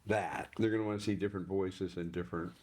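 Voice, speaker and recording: A man interviewing a guest, asking questions in a relaxed, slightly hesitant way. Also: sits low, fast talker.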